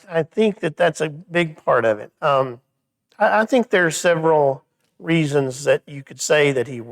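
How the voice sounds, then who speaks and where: In church, a man with a notably high voice leads a Bible study in a conversational style. He frequently restarts sentences with small stammers, and his voice grows quiet when he becomes thoughtful.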